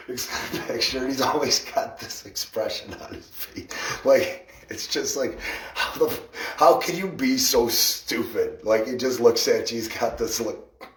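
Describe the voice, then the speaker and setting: Male livestream host, mid-pitched, chatty and rambling, laughs a lot, greets commenters; roomy, slightly distant sound. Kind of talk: casual livestream chat. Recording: echoey room, voice a bit off-mic.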